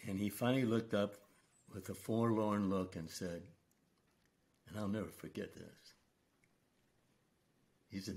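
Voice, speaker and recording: An older man, a retired school principal, telling stories from his career in an earnest, unhurried way during an interview. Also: fairly low pitch, fairly even intonation, a little mellow. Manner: slow, earnest storytelling with quoted dialogue. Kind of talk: storytelling interview.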